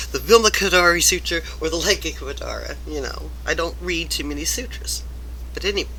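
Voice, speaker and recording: A woman's voice: deep voice, bright, forceful tone, a little hiss or hum. A woman vlogger ranting about work, rambling and exasperated, turning self-reflective. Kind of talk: rambling personal rant to camera.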